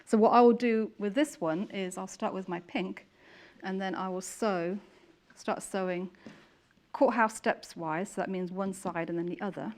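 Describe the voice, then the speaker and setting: Woman, young adult, quilting demonstrator, casual chat, friendly, plain explanations, mid pitch. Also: steady tone, normal speed.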